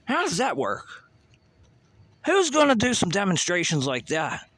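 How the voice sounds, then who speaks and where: Bright, rambling, profane man. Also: sits high, wildly swooping pitch, measured pace. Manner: profane, rambling, conspiratorial, asks himself questions. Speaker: vlogger. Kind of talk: rambling monologue.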